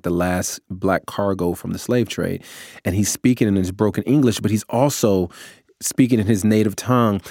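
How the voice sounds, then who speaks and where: A man with a fairly low voice talks in a relaxed, conversational way about his book. He is easygoing and self-mocking, laughing often between thoughts. The sound is dry and close, with no room around it. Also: creaky, dry recording. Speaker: author talking about recording his audiobook. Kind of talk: casual reflective talk.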